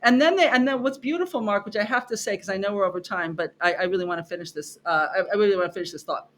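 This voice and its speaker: Bright, animated middle-aged woman. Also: mid-range voice, racing. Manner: expressive, acts out her students' voices, repeats herself for emphasis. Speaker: podcast guest, psychology professor. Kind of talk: animated conversational storytelling.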